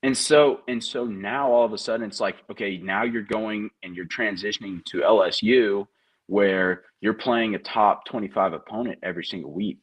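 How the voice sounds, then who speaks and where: A man with a low, husky voice co-hosts a sports podcast in casual chat. He chimes in with wry asides and questions rather than long speeches. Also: normal speed, low-quality recording. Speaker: podcast co-host.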